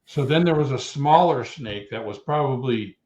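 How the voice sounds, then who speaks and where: A man in his sixties, a retired wrestler guest, telling rambling, animated road stories and acting out what others said. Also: medium pitch, normal speed. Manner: rambling, animated storyteller who acts out quotes. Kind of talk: anecdotal storytelling. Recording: echoey, dull remote call audio.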